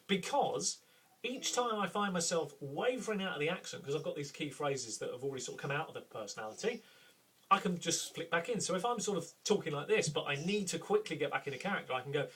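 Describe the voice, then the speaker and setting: Husky middle-aged host from the UK, chatty game master tips, mic a bit distant. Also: male voice, on the high side, expressive, fast, fairly bright tone. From United Kingdom. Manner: chatty, self-deprecating, thinking aloud.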